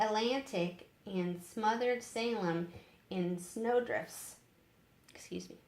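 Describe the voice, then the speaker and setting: Slow-reading woman storyteller, echoey room. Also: mid-range voice. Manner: slow, unhurried reading with chatty asides to listeners. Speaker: storyteller reading a chapter book aloud. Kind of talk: read-aloud storytelling with asides.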